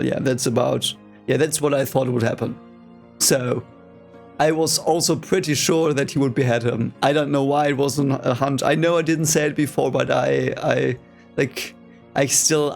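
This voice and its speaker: A man's voice: medium pitch, creaky. A man reading a fantasy novel aloud for the first time, with chatty, playful commentary and laughing asides. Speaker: reader reacting to a novel. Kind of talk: casual reading reaction.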